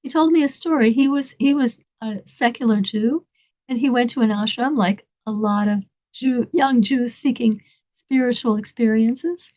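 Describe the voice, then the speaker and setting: A woman telling an inspirational story in an animated, dramatic way, laughing between lines. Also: fairly high pitch, normal speed.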